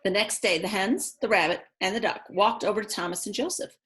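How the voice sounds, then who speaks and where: A woman's voice: mid-range voice, brisk, a bit bright. A woman reading a picture book aloud, breaking off for chatty asides to her young listeners. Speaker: read-aloud storyteller.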